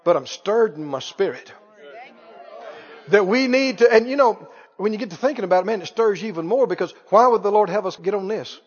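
A man preaching a sermon, exuberant, shouting praise and stretching words out for emphasis. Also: high-pitched, expressive, fairly quick, lo-fi sound. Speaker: pastor. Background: congregation.

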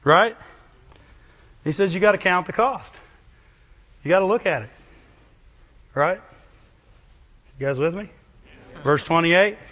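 On a dull, lo-fi recording, a man gives an animated sermon, regularly checking in with the congregation via quick questions. His voice is bright, forceful and a bit high for a man.

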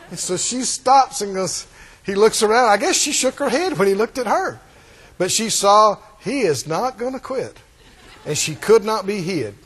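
Man, sermon, high voice, lively delivery, laughing, acting out scenes. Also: measured pace, breathy edge. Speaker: preacher.

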